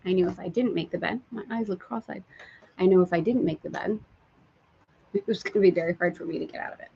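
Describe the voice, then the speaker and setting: A woman's voice: fairly low pitch, fast, vocal fry, muffled recording, slight background noise. A woman hosting a live stream from a sailboat, telling a candid story and reading viewer comments aloud. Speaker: spiritual teacher and live-stream host.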